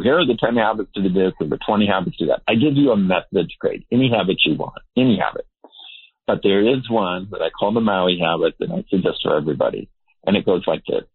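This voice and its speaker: A male researcher talks through his ideas in an earnest, emphatic way. His voice is husky and lowish. It comes over a tinny, phone-like line. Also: no room sound. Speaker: behavior researcher. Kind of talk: interview guest explaining.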